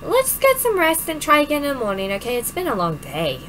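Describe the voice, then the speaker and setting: A woman's voice: high-pitched, huge pitch swings, brisk, a bit bright, slight background noise, full character voice, low-quality recording. A woman doing an outspoken, loyal teen best friend. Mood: indignant. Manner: protective, outspoken.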